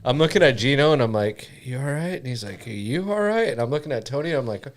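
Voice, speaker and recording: Man, mid pitch, relaxed, casual swearing, group podcast chat. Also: fast talker. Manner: laid-back, profane storytelling.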